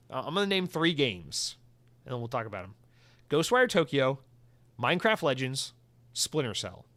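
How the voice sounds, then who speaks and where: A man's voice: mid-range voice, sing-song, normal speed, long pauses, a bit bright, no room sound. A young man hosting a solo podcast, rambling and swearing with comic exaggeration. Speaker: podcast host.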